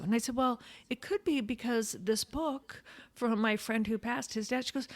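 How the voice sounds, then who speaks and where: A woman's voice: a little high, normal speed. A woman, co-hosting a podcast and telling a story in casual chat, acting out the voices of the people in it. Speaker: podcast co-host.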